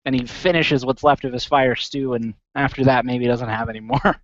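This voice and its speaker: A man's voice: mid-range voice, fairly even intonation, a little fast, dry recording, dull audio. A man narrating his character's actions in a tabletop game, rambling with many fillers and restarts. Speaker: player.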